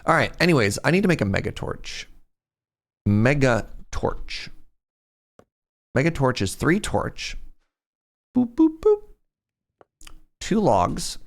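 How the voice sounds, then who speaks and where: Slow, gravelly game streamer man. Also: mid-range voice, very animated. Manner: chatty, reads chat messages aloud and reacts. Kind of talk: casual livestream chat while playing.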